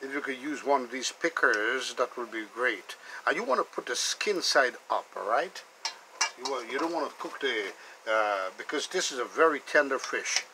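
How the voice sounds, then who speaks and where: A man's voice: medium pitch, expressive, normal speed, noisy background. A man hosting a cooking video, chatting enthusiastically as he cooks and tells stories. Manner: chatty, enthusiastic, calls the food "bad boy". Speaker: cooking channel host. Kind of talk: casual cooking demonstration with storytelling.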